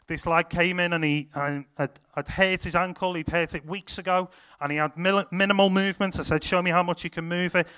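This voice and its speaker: Youth pastor, young, higher-pitched, animated storyteller. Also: male voice, smooth. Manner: excited, animated retelling with acted-out quotes. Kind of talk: sermon storytelling to a youth group.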